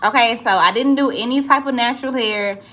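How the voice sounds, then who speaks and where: A St. Louis woman with a slightly high, brisk and somewhat bright voice chats casually on a livestream, greeting viewers by name and calling them y'all. She's a livestream host and entrepreneur.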